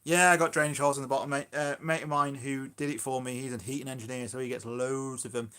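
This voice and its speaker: A man chats loosely on a phone live stream, speaking at a middle pitch. He rambles and pokes fun at himself. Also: little pitch movement, fast talker, a bit bright, clear, resonant tone. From Shropshire, England. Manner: rambling, chatty, self-deprecating, full of fillers. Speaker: allotment gardener and live streamer. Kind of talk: casual live-stream chat.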